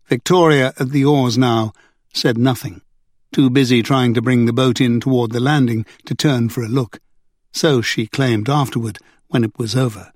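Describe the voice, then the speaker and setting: A man narrating an audiobook in a measured, expressive manner. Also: medium pitch, no room sound, clean studio sound. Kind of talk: scripted narration.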